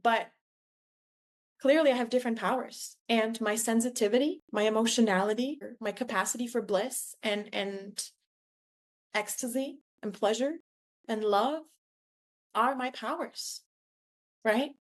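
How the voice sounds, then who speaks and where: A woman's voice: on the high side, unhurried, pauses often. A young woman hosting her podcast, telling a personal story in an effusive way, with lots of "like" and acted-out quotes. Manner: effusive, heavy use of "like", acts out quoted voices. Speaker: podcast host.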